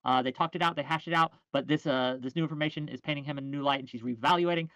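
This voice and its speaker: A man's voice: a little high, fairly bright tone, muffled recording. A man hosting and moderating a debate, steering the conversation and calling on speakers. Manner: quick, steering the talk.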